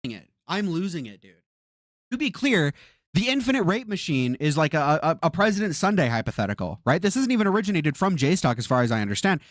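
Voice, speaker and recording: A man's voice: fairly high pitch, very animated, a little fast, dry recording, clean studio sound. A man streaming a reaction, exasperated, swearing often and repeating himself. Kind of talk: live-stream reaction commentary.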